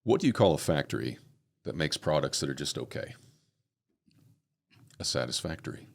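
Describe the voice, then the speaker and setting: A Texan man hosting a casual podcast interview, relaxed and joking as he trades dad jokes with his guest. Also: rumbling low, moderate pace, gravelly. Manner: relaxed, joking, tells dad jokes with small put-on voices. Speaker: podcast host.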